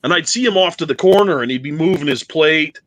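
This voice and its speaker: A man's voice: a little high, brisk, fairly bright tone, dry recording. A man appearing as a guest in a casual chat, telling stories animatedly and laughing often.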